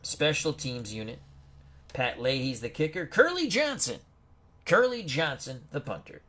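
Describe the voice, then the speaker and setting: A man hosting a football strategy game stream, reading out team rosters and greeting viewers in a chatty, unhurried way. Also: medium pitch, animated, fairly bright tone. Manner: slow, chatty, greets viewers and stumbles over names. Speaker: host. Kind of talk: casual game commentary.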